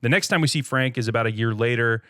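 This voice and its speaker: A man's voice: mid-range voice, fast talker, fairly bright tone, dry recording, studio quality. A man co-hosting a podcast, retelling a bad movie in casual, jokey chat with lots of laughter. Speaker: podcast co-host.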